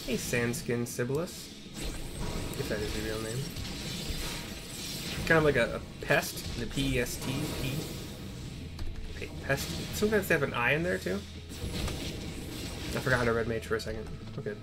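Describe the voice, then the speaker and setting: A man's voice: mid-range voice, lively intonation, over loud music. Chatty, irreverent man narrating gameplay. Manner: chatty, irreverent, with quick swearing asides. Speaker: gamer narrating a playthrough. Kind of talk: casual game playthrough commentary.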